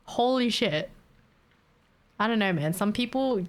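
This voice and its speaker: A young woman streams and talks straight to her viewers, blunt and foul-mouthed as she rants. Her voice sits at an ordinary middle pitch, and she speaks in loose, casual chat. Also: lively intonation, measured pace. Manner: blunt, swears freely, ranting and laughing. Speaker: livestreamer.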